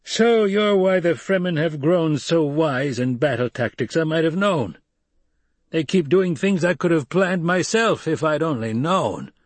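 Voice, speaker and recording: A man voicing a gruff middle-aged veteran warrior in a loud, raspy voice. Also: fairly high pitch, lively intonation, unhurried, no echo, pitched above the performer's own voice. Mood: hearty. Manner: loud, bellowing.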